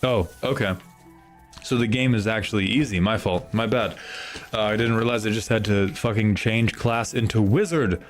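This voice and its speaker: A man's voice: on the low side, normal speed, soft background music. A young man streaming a video game, reacting with constant frustrated swearing as he plays. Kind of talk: live gameplay commentary.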